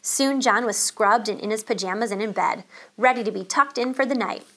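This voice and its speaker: A woman teacher reading a children's chapter book aloud, calm and expressive. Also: on the high side, fairly quick.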